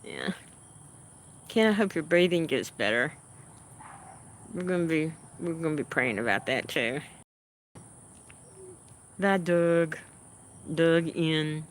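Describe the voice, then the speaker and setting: Slow-talking, homey woman chatting with viewers. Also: deep voice, animated. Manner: unhurried and homey, answering chat comments with frequent soft laughs. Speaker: livestream host. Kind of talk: casual chat with viewers.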